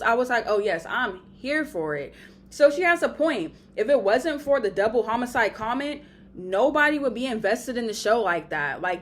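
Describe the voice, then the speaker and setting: Blunt, profane young woman reviewer. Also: a little high. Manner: blunt and profane, animated retelling. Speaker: reality show reviewer. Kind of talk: casual recap commentary.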